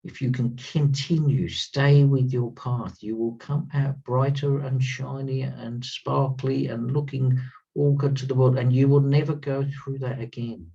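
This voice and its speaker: A man's voice: medium pitch, steady tone, a little slow, creaky, dark tone, husky. A man giving an earnest spiritual talk as a teacher, stressing points by repeating words. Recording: slightly distant, dull lo-fi sound.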